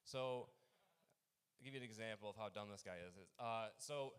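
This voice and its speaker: A young man performing a rambling open mic stand-up set, halting often with fillers and restarts. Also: fairly low pitch, smooth.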